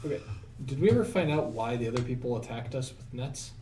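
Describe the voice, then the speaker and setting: A man's voice: mid-range voice, animated, quick pace, mellow, recorded from a distance, a little hiss or hum, low-quality recording. A man playing a tabletop game, chiming in with questions to the game master. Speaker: player. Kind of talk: casual chat at a tabletop game.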